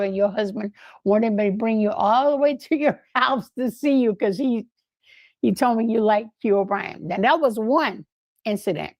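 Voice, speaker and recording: Animated older woman telling stories. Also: on the high side, no echo. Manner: animated, laughing, acts out quoted voices. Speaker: guest storyteller. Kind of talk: casual anecdote telling.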